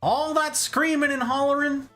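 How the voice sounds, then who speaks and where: A man hosting a casual explanatory chat, jokey and animated, often checking in with "okay?". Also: very high-pitched, moderate pace, faint music behind. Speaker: host.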